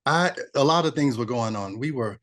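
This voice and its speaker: A man's voice: medium pitch, animated, moderate pace, fairly bright tone. A man in his sixties, an interview guest telling his personal story in a rambling, heartfelt way, restarting sentences often. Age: 60s. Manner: rambling, restarts often, laughs, gets choked up. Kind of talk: emotional personal testimony.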